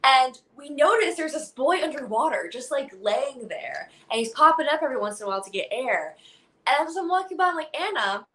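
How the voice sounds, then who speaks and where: A young woman telling a story in casual chat, animated and laughing, acting out other people's lines. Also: high voice, a little fast. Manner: animated, laughing, acts out quotes. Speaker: guest.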